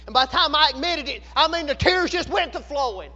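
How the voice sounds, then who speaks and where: A man preaching a sermon, fervent, swinging from shouts to a hush. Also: very high-pitched, lively intonation, fairly quick. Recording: echoey hall, dull lo-fi sound.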